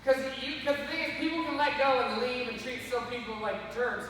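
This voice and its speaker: High-voiced man preaching in an echoey hall. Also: fairly quick. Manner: animated, repeatedly calling for attention. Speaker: youth speaker. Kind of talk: sermon to kids. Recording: echoey hall from far off, faint noise.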